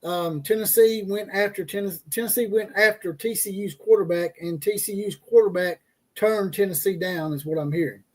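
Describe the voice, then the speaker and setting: A man's voice: high-pitched, moderate pace, a little mellow. A man hosting a casual college football livestream, mocking teams and players with profane jokes, reading out chat comments and laughing at his own lines.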